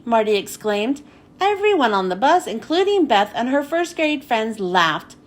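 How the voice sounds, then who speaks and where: A woman reading a children's book aloud in a high, lively voice. Her storytelling is animated and expressive, with her pitch moving constantly. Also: unhurried.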